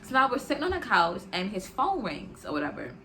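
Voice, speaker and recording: A woman's voice: medium pitch, huge pitch swings, a little fast, bright, forceful tone. A young adult woman telling a personal story in a casual, chatty way, with lots of "like" and "y'all" as she talks to her viewers.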